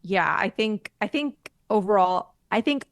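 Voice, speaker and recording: A woman co-hosts a podcast, talking through a TV series in casual chat. She sounds thoughtful and animated and often laughs. Her voice is recorded dry and close, with no room sound. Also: medium pitch, a little slow, dry recording. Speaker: podcast co-host.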